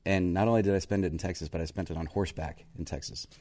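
A man's voice: deep voice, steady tone, racing, dark tone. An American man and army veteran, joking playfully and rambling through stories as a podcast co-host. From United States. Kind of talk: casual chat, storytelling.

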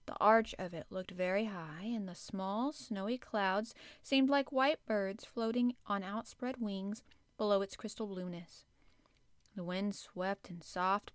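A woman reading a classic children's story aloud in a gentle, measured way. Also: medium pitch, no room sound, clean studio sound. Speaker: audiobook reader. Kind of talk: storybook narration.

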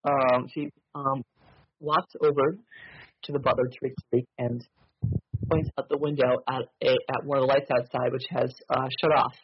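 A man's voice: mid-range voice, level tone, measured pace, breathy edge, muffled recording. A man running a tabletop mystery game as game master, narrating with many ums and uhs.

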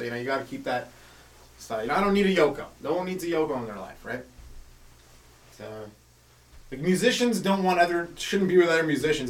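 A man's voice: a little high, far from the mic. A man doing a loose, rambling stand-up monologue as a comedy podcast host, full of fillers and asides. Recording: echoey room, voice off the mic.

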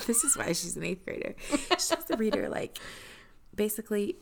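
A woman's voice: mid-range voice, big pitch swings, moderate pace, gravelly. A woman co-hosting a book podcast, recapping the plot with a wry, sarcastic edge. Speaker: podcast co-host. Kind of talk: casual book podcast chat.

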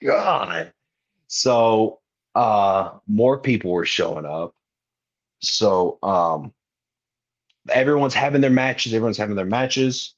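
A guest wrestler in his twenties tells a story in casual podcast talk, his low-side voice animated but slow, with long pauses. He acts out other people's lines with animation, and the recording is muffled and lo-fi.

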